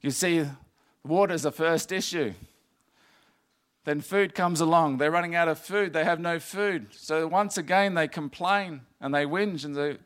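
A man's voice: on the high side, measured pace, a bit bright. A man preaching a sermon in an earnest, repetitive way, rising to emphatic passages.

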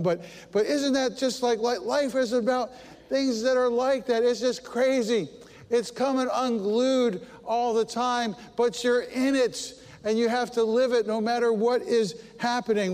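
A middle-aged man preaching a sermon, telling a story with animated, self-deprecating humor. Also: high-pitched, big-room sound. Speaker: pastor.

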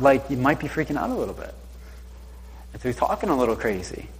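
A man's voice: medium pitch, big pitch swings, fast talker, a little hiss or hum. A man teaching from the Bible who reads each verse aloud and then retells it in loose, slangy everyday talk. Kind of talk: scripture reading with casual retelling. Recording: reverberant hall sound.

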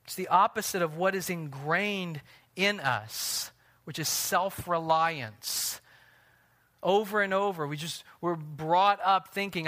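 Bright-voiced man preaching a sermon. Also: high voice, slow pace. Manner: earnest preaching, building to emphatic peaks then dropping soft. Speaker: pastor.

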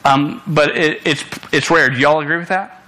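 A young man delivers a sermon to a congregation with a bright, forceful voice pitched a little high. He speaks earnestly, stumbling over words and restarting mid-phrase, and calls out directly to his listeners. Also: steady tone, normal speed. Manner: earnest, stammering restarts, punchy asides to listeners. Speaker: preacher. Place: room with a live congregation.

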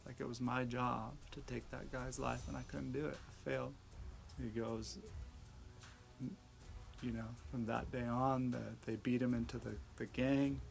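A man retelling someone's story in a conversational, halting way, dropping his voice at the intense moments. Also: medium pitch, gravelly. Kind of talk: storytelling talk.

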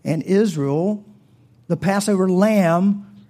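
Earnest male preacher, soft and husky. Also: high-pitched, animated, normal speed. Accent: American. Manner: earnest, rhetorical questions, swells loud then drops soft. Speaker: pastor. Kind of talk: sermon.

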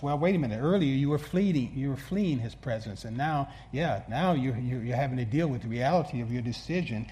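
A man's voice: mid-range voice, expressive, fairly quick, hardly any pauses. Earnest preaching pastor, man. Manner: earnest, stumbling restarts, swings between soft asides and emphatic peaks. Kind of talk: sermon.

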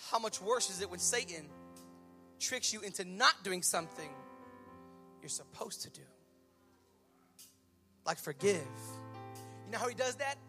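A male pastor in his thirties preaching a sermon with stories, impassioned and swinging from loud to hushed. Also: sits high. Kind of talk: sermon with storytelling.

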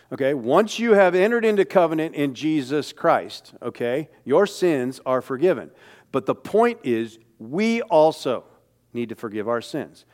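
A male preacher delivers a sermon in church, middle-pitched and easygoing. He slips in little jokes and poses rhetorical questions to the congregation, then answers them himself. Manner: conversational, joking asides and rhetorical questions.

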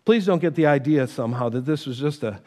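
A man's voice: medium pitch, lively intonation, fast talker, a little mellow. A middle-aged man preaching a sermon in a church, conversational and emphatic, weaving in personal stories. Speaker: pastor. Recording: long hall reverb.

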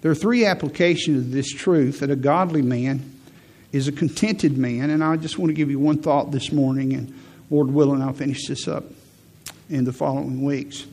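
A man's voice: medium pitch, fairly even intonation, moderate pace, darkish tone, husky. A middle-aged man preaching a sermon as pastor, emphatic, repeating key phrases and lifting his voice to stress a point.

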